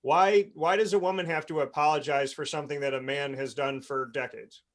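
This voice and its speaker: An earnest man hosts a sports panel over a video call, his voice sitting a little high for a man. He talks in long, rambling runs and often restarts his sentences. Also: fairly even intonation, fairly quick, fairly bright tone. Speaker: host. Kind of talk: panel discussion.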